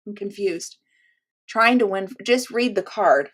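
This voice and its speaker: A woman's voice: mid-range voice, a little slow, husky. A woman in the middle of her range, chatting casually at home as she unboxes gifts for her viewers. She gushes freely, gasping and laughing between exclamations. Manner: chatty and gushing, with gasps, laughs and "oh my gosh". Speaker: channel host.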